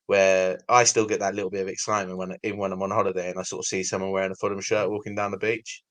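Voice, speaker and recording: A man's voice: deep voice, little pitch movement, very fast, fairly bright tone. A man hosting a casual podcast interview, friendly and rambling. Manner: rambling, friendly, many fillers. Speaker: podcast host.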